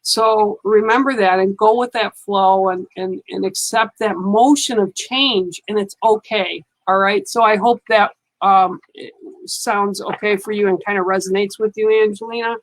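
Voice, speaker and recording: A woman's voice: mid-range voice, fairly even intonation, moderate pace, low-quality recording. A woman giving a psychic card reading on a live stream, speaking in a soothing, reassuring way and often checking in with "okay".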